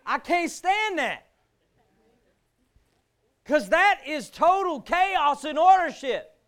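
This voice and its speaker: Male preacher, very high bright voice, smooth, fervent shouting delivery. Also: expressive, slow. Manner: preaching with rising shouts and rhetorical questions. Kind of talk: sermon.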